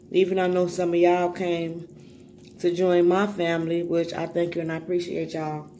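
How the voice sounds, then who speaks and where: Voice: mid-range voice, mellow, slight background noise. A vlogger talking casually to viewers while eating, loose and slangy, often repeating words.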